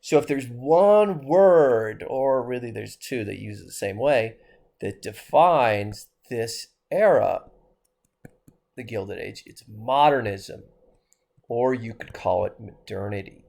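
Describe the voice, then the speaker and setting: A man with a Midwestern accent teaches a history lesson with an animated voice. His pitch leaps high and drops low. A gravelly rasp runs through his tone as he asks questions and answers them himself. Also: slow pace. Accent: American Midwest. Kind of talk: recorded classroom lecture.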